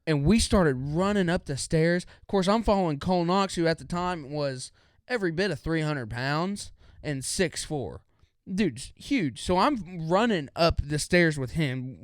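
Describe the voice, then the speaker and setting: A man's voice: on the high side, lively intonation, normal speed, few pauses, dry recording, studio quality. A young man co-hosting a podcast, telling stories in a laid-back, drawling way and saying "dude" often. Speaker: podcast co-host. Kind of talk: casual storytelling chat.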